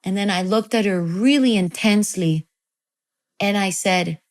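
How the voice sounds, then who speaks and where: A woman director, a guest on an interview show, telling a story in a casual, animated way, swearing freely and using many fillers. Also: mid-range voice, unhurried.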